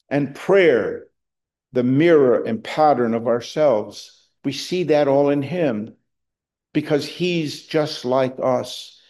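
A middle-aged pastor delivers a sermon in a slow, unhurried rhythm. His voice is mellow and somewhat high for a man, and he raises it with emphasis whenever he quotes scripture. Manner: slow, earnest preaching with emphatic rises on quoted verses.

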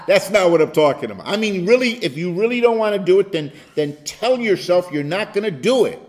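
A male pastor teaching an interactive Bible study, emphatic and animated, at times bursting into loud exclamations. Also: high-pitched, a little fast, hardly any pauses, slight background noise.

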